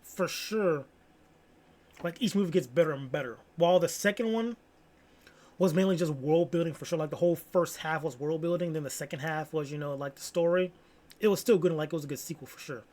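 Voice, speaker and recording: A man's voice: a little high, brisk, darkish tone. A young man rambling in casual solo chat, slangy and full of fillers. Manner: rambling, heavy on "like" and "bro", slangy. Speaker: vlogger.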